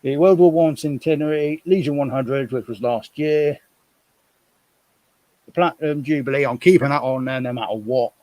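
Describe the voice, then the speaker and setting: A man's voice: mid-range voice, moderate pace, darkish tone, no echo. A man chatting casually on a live stream, rambling and thinking aloud as he sorts through things at home.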